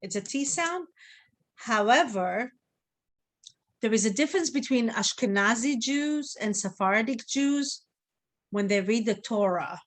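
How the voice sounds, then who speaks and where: A woman's voice: on the high side, lively intonation, a little slow, pauses often. Patient woman teaching a class online, checking on her students. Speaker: Hebrew teacher.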